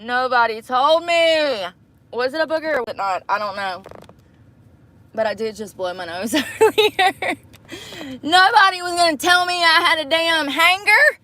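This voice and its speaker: A young woman with a high-pitched voice vlogs in a casual, candid chat, animated and quick to laugh. She calls her viewers y'all, girl and baby.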